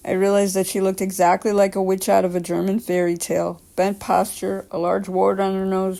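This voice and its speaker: A woman around forty with a scratchy, raspy throat, reading creepy stories aloud with chatty asides. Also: on the low side, mellow. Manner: chatty asides, filler-laden. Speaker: story reader.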